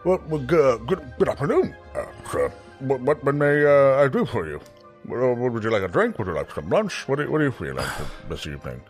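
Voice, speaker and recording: A man's voice: medium pitch, big pitch swings, brisk, faint music behind, lightly acted. A man voicing a nervous, overly polite male bartender who stammers through every sentence in an improvised tabletop game. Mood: flustered polite. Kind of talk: improvised tabletop role-play.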